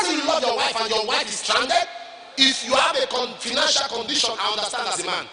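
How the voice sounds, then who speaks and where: A middle-aged Nigerian man preaching a sermon as a pastor, shouting his points and repeating lines in a sing-song way. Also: very high voice, expressive, fast, slight background noise. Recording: echoey hall from far off.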